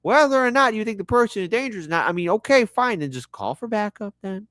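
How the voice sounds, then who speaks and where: A male host riffing on news clips, his pitch swinging widely as he jokes and gets fired up. He stumbles and repeats words when excited. The recording is close and dry. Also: quick pace, no echo. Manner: animated, joking asides, repeats words when worked up. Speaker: show host and commentator. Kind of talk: casual news commentary.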